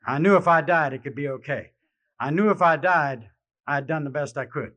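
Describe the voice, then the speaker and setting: A man in a convention hall, speaking from a podium in a slightly high voice, mixes self-mocking humor with halting emotion and frequent restarts. It is a dull, lo-fi archival recording, as if played from an old tape. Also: a bit bright. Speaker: speaker sharing his recovery story. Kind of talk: live personal testimony speech.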